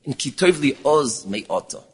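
A man giving a sermon, mixing English with Hebrew and Yiddish terms, dropping low and then rising into pleading calls. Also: very animated, unhurried, breathy edge. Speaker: rabbi giving a talk. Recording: long hall reverb.

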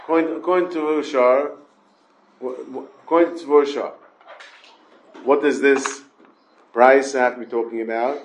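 Man, Yeshiva English accent, Talmud teacher, informal class, questions students, mixes in Hebrew terms, mid-pitched voice. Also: steady tone, normal speed, long pauses, a little hiss or hum, rough recording.

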